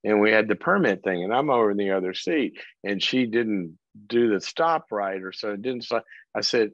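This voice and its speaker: A man's voice: on the low side, very animated, normal speed, fairly bright tone, no echo, lo-fi sound. A middle-aged man hosting a call-in advice show, playful and emphatic, teasing the caller to make his point. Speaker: call-in show host, counselor.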